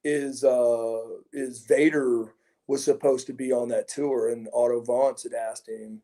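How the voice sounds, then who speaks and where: A man's voice: mid-range voice, steady tone, unhurried, dark tone. A middle-aged man, a former pro wrestler, giving an interview, telling stories casually with many repeated words, restarts and chuckles. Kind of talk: casual anecdotal storytelling.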